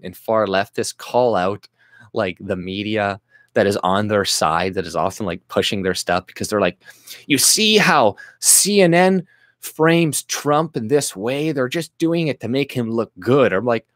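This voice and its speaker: A man's voice: on the low side, no echo, studio quality. A Canadian man ranting casually about politics, profane, with frequent restarts and mocking quoted voices. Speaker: political commentary vlogger.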